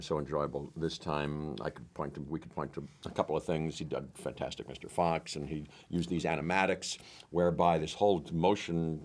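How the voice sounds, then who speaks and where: A male actor in an interview, talking haltingly and searching for words. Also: rumbling low, a little mellow.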